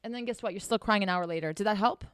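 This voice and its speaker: A young woman delivers tough-love self-help talk in a brash, sarcastic, heavily profane way. Her voice sits at a middle pitch, recorded close and dry with no room around it. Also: very fast, smooth, dry recording. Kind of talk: blunt motivational monologue.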